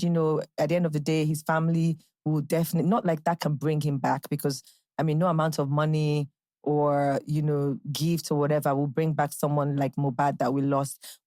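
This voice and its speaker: A woman's voice: low-pitched, darkish tone, no echo. A young Nigerian woman hosting a podcast, chatting casually and bubbly, dropping into playful quotes and impressions. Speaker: podcast host. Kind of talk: casual solo podcast chat.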